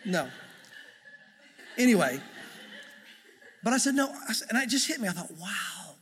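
A middle-aged man preaches in a high, light voice. His delivery is earnest and conversational, with touches of gentle humor. The sound rings with the long reverb of a large hall. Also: big pitch swings, moderate pace. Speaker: pastor. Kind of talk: sermon.

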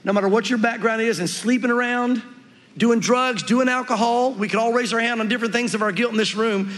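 A man's voice: very high-pitched, a little fast, a bit bright. A man preaching a sermon as a pastor in a church, conversational and earnest, acting out the people in the story. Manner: conversational, earnest, acts out quotes. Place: church sanctuary. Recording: long reverb of a church hall.

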